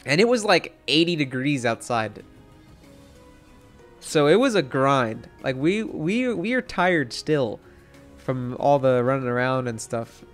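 A young male streamer tells a story in a casual, meandering way. He talks at a middling pitch, stacks filler words and swears often. Faint music plays in the background. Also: very animated, slow pace. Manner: rambling, heavy on "like" fillers and swearing.

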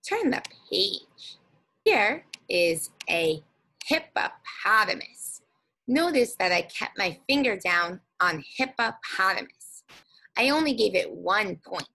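A woman teacher leading a guided reading lesson for young children, speaking slowly and encouragingly and stretching out words. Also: medium pitch, lively intonation, gravelly, bright, forceful tone, poor audio.

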